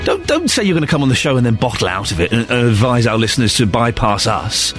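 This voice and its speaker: A man's voice: medium pitch, sing-song, quick pace, fairly bright tone, soft background music. A man hosting a radio show, joking and mock-indignant in a playful studio patter. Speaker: radio host. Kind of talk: jokey radio banter. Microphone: studio microphone.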